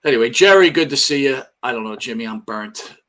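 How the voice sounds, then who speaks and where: A man's voice: mid-range voice, expressive, fairly quick, bright, forceful tone. Older male co-host, loose and profane, reads names from chat. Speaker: podcast co-host. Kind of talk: casual live-stream chat.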